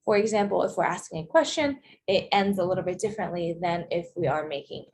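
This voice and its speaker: A woman's voice: fairly low pitch, quick pace, a little mellow, a little hiss or hum. A woman teaching English pronunciation in a casual video lesson, explaining step by step and often checking in with "okay" and "all right".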